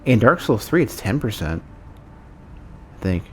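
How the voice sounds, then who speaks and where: Low-voiced man muttering game commentary. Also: very animated, a little slow, fairly bright tone, a little hiss or hum. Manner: muttering reactions, thinking aloud about game stats. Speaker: streamer. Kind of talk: casual gameplay commentary.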